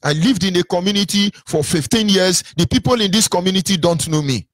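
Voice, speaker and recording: A man's voice: high voice, a little fast, dry recording. A man with a Nigerian accent giving an impassioned address to listeners on a call-in line, preaching and firing off rhetorical questions. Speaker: movement speaker on a call-in line.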